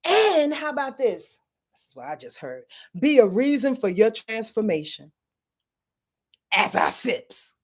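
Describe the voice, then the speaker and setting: A woman's voice: on the high side, sing-song, unhurried. A woman hosting an astrology forecast in a chatty, profane way, often laughing at herself. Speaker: astrology channel host. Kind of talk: casual spoken astrology forecast.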